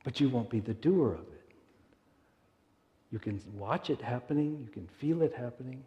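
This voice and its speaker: A man preaching a sermon and leading a meditation in a church, gentle and unhurried, with soft pauses. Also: medium pitch, expressive, muffled recording. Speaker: minister. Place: church sanctuary. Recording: long reverberant hall sound.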